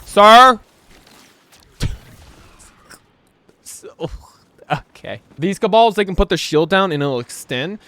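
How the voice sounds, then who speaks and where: A young man with a high, bright voice that leaps up and down as he chats over gameplay. He rambles, laughs easily and says "bro" a lot. The sound is close and dry, with no room in it. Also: expressive, slow, pauses often, clean tone, no room sound. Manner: rambling, laughs often, slangy with "bro" and "right?". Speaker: gaming YouTuber. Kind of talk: casual gameplay commentary.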